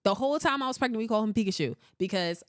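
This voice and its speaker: A woman, hosting a podcast and chatting casually, animated and often laughing as she rambles through stories. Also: a little high, rapid-fire, dry recording, studio quality. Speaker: podcast host. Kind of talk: casual chat reading listener comments.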